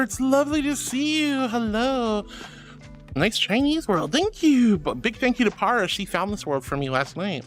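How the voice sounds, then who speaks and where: A woman's voice: a little high, lively intonation, normal speed, soft background music. A woman VTuber chatting casually with viewers, reading their messages aloud and calling them honey and sweetie. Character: furry angel VTuber avatar. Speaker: VTuber streamer.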